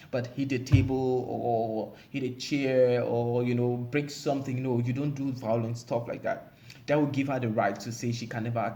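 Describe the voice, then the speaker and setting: A man's voice: medium pitch, mellow. A man giving relationship advice in a casual monologue, rambling and emphatic, with many fillers.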